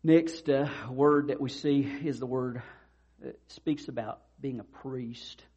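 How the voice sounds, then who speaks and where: A man's voice: medium pitch, takes it slowly, husky, muffled recording. A man preaching a sermon in a conversational way, acting out the people in the stories he tells. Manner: conversational preaching with animated retold dialogue. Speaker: pastor.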